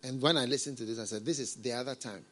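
A middle-aged man preaching a sermon as a pastor, talking in a conversational, repetitive way with folksy proverbs and soft chuckles. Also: medium pitch, steady tone, fast.

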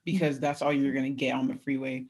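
A young woman from California, a guest in a casual interview, telling animated stories and acting out quotes with laughter. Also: a bass voice, fast, breathy edge. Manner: animated storyteller, acts out quotes, laughs often. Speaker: guest, athlete.

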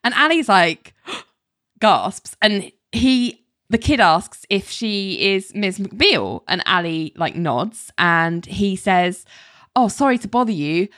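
A woman co-hosting a casual podcast, retelling a TV episode scene by scene as an animated storyteller who laughs often. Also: mid-range voice, takes it slowly. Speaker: podcast co-host. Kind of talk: casual chat, episode recap.

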